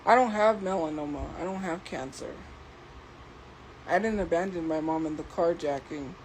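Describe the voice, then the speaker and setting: A woman livestreamer talking slowly and deliberately as she defends herself against commenters in her chat. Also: lowish voice, darkish tone, slight background noise, rough recording. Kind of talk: live stream talking to chat.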